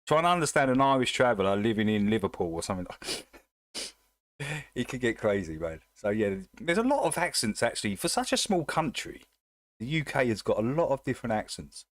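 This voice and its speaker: A man's voice: mid-range voice, big pitch swings, fairly quick, no echo. A man with an Essex and North London accent, hosting a casual livestream and chatting bluntly with his viewers in a rambling way. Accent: Essex / North London English. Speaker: livestream host.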